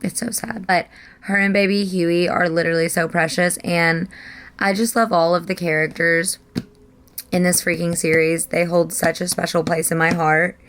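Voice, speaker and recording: A woman's voice: on the low side, fairly even intonation, moderate pace, fairly bright tone. Gushing young woman book vlogger. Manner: gushing and emotional, says "like" often. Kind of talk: casual reading vlog.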